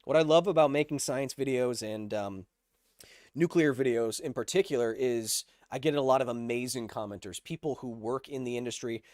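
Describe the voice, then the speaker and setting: A man's voice: medium pitch, normal speed, a little mellow, no echo, clean studio sound. A man hosting a livestream, explaining science casually and answering chat with jokes. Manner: explains science, reads chat aloud, jokey. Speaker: host.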